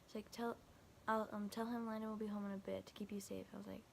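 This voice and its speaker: This casual storytime comes from a young vlogger describing a frightening night. Her fast, gravelly voice with fry barely moves in pitch, and she quotes every text with "I was like" or "he's like," rambling and restarting amid lots of fillers. A faint hiss sits underneath.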